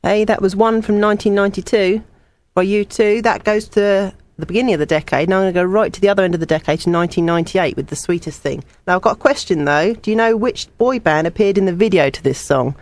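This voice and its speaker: A woman's voice: medium pitch, fast talker. Chatty woman radio DJ. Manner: chatty, personal asides between songs. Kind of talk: student radio show presenting.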